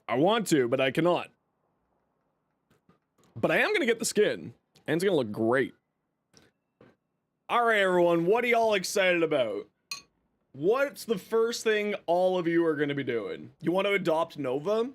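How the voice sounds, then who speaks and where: Upbeat man hosting a gaming stream; bright high voice that swings a lot, chatty and friendly with chat. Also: moderate pace, pauses often, no room sound. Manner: greets chat by name, lively and upbeat; eating while talking. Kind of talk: casual live stream chat.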